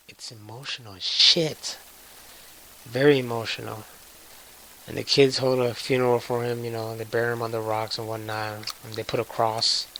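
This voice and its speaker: A man casually recapping a film's plot with heavy swearing and excitable storytelling. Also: on the low side, gravelly, slight background noise, poor audio. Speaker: movie reviewer.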